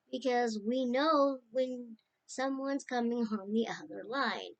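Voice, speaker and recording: Slow, rambling woman sharing fond memories. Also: fairly high pitch. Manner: rambling and tender, drifting between stories. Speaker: niece sharing memories of her late uncle. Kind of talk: casual spoken remembrance.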